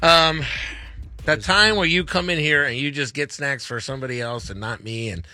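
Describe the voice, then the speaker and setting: A man's voice: fairly high pitch, normal speed, pushed and bright. A man co-hosting a radio show, talking in a playful, mock-earnest way during studio banter. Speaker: radio co-host. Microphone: studio mic.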